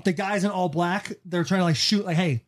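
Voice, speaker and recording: A man in casual podcast chat, retelling a fight night in a fast, animated way and swearing freely. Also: high voice. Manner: fast, animated storytelling with profanity; breaks into sung snippets when retelling. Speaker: podcast co-host.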